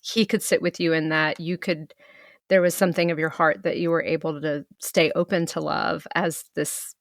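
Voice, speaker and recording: A woman co-hosts a podcast interview and speaks in a soft, thoughtful way. Her voice sits a little low, and the sound is dry and close. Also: level tone, moderate pace, vocal fry, no echo. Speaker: podcast co-host.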